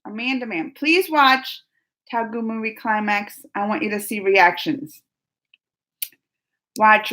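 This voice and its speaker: A high-voiced woman hosting a relaxed live chat, reading out viewer comments. She talks in an animated, playful way and breaks into laughter often. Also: measured pace, long pauses. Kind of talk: casual live-chat vlog.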